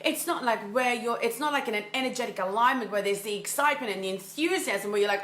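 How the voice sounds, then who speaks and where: A woman's voice: a little high, fast talker, a bit bright, reverberant. A woman mindset coach giving an enthusiastic, casual motivational talk, often repeating phrases for emphasis. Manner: casual, filler-heavy delivery. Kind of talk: motivational monologue.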